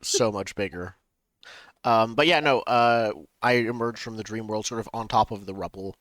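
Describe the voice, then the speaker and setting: A man's voice: fairly low pitch, moderate pace, no echo. A man playing in a tabletop game, describing his character's actions and thinking aloud. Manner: lively, thinking aloud with fillers. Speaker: player. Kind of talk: tabletop role-play chat.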